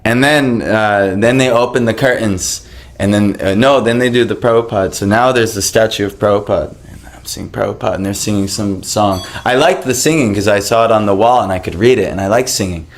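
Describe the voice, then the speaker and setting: A man casually telling the story of how he came to his faith, animated and laughing, acting out the voices of people in it. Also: lowish voice, a little fast. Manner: animated, laughing, acts out quoted voices, many fillers.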